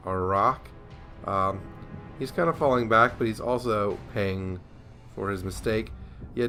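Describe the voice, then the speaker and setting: A man's voice: fairly low pitch, a bit bright. Man, young adult, gameplay commentator, casual, yawning, self-deprecating, faint background music.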